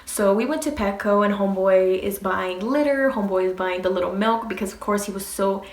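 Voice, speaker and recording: Animated young woman telling a story. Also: mid-range voice, a little fast, roomy sound. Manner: animated, swears freely, acts out quotes. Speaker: vlogger. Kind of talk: casual storytime.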